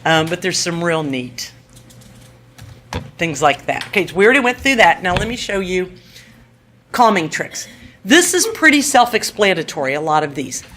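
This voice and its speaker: Woman giving a seminar talk, animated, keeps asking okay?, faint hiss behind. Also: on the low side, normal speed, long pauses. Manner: animated, acts out quotes to children, frequent "okay?" checks. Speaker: seminar presenter. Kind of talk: lively teaching talk to an audience.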